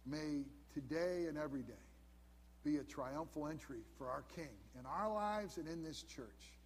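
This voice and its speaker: A man in his fifties preaching a sermon as pastor, earnest, dropping to hushed emphasis on key points. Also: on the high side, moderate pace, long reverb tail, a little hiss or hum. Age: 50s. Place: church sanctuary.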